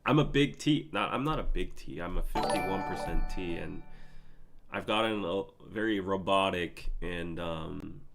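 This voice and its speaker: A man's voice: low-pitched, unhurried, gravelly, a bit bright, faint music behind. A man, hosting a live stream and talking emotionally to his chat. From Korea. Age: 30s. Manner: emotional, laughing, pleading with chat. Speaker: podcast host.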